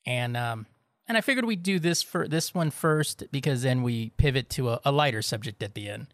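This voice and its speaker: An easygoing man with a mid-pitched voice introduces the next topic on a podcast. He is recorded close in a dry room. He talks loosely and laughs easily. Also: lively intonation, normal speed, no room sound. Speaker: podcast co-host. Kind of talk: casual chat, introducing a topic.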